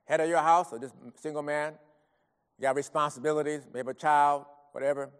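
A middle-aged man preaching an earnest, pleading sermon that swings between soft talk and loud cries. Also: on the high side, little pitch movement, fairly quick, clear, resonant tone, in a large hall.

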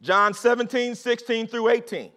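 A man preaching a sermon to his congregation in an animated, conversational way, repeating phrases and calling out to the listeners. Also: extremely high pitch, moderate pace. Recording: long reverb of a large hall.

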